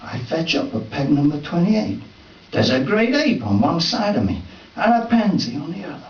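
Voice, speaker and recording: A man reading his own comic story aloud at a live event, in a wry, deadpan first-person voice with folksy dialect. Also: fairly high pitch, moderate pace. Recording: distant, roomy, dull live recording.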